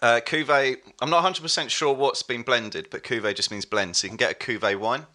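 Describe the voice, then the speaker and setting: A man's voice: mid-range voice, quick pace. A man in casual podcast chat, explaining things at length with lots of ums and hesitations. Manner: relaxed, explains with many ums. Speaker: beer-bringing podcast guest.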